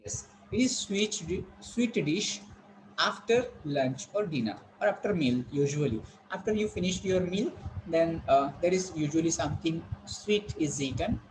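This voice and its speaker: A man's voice: a little high, animated, moderate pace, noisy background. A man with an Indian English accent teaching an online class, explaining words and repeating them for students. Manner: instructive, repeats words, asks students questions.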